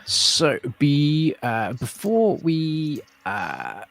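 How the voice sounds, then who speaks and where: A man's voice: on the high side, huge pitch swings, extremely slow, vocal fry, fairly bright tone. A man hosting a live stream, rambling and laughing in casual chat. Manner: friendly, rambling, laughs often. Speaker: host. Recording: faint noise.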